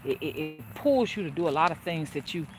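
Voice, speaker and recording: A woman's voice: sits low, animated, brisk, faint music behind. An older woman talking casually and frankly to her viewers as a spiritual advisor, preachy and full of fillers and restarts. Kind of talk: casual livestream talk.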